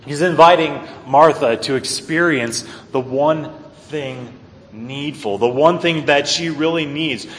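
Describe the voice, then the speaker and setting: A pastor preaching a sermon with earnest emphasis, swinging between loud stresses and quiet low asides. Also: male voice, reverberant, long reverb tail, slight background noise.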